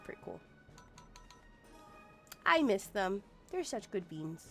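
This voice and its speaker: Slow and often pausing, a woman with a mid-range voice talks over soft background music. It's relaxed live-stream chat during a game, animated and playful, with her humming and singing snippets.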